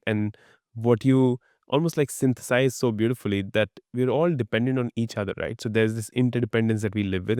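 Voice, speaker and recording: Smooth-voiced enthusiastic male host. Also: lowish voice, no echo, clean studio sound. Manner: enthusiastic, appreciative. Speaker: podcast host. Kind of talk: interview conversation.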